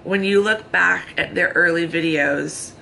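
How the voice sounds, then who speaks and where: Bright, gravelly American woman chatting. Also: fairly low pitch, a little slow, a little hiss or hum, rough recording. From United States. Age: 30s. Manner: chatty, talks in long run-on thoughts. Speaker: vlogger. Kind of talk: casual chat. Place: hotel room.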